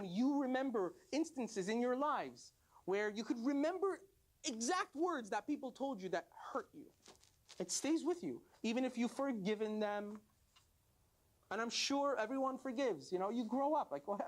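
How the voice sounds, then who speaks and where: A man giving a rabbi's lecture to a room of listeners, chatty and animated, often laughing as he tells stories. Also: very high-pitched. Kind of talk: storytelling lecture. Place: room with a live audience.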